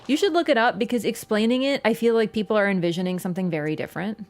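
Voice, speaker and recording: A woman's voice: mid-range voice, very fast, faint music behind. A young Canadian woman chatting casually while livestreaming a game, rambling with lots of "like". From Ontario, Canada. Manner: chatty, rambling, full of "like" fillers. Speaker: streamer.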